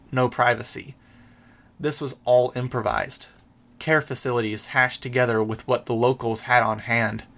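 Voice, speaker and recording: A man narrating a first-person story as an audiobook, reading in a steady, even way. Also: medium pitch.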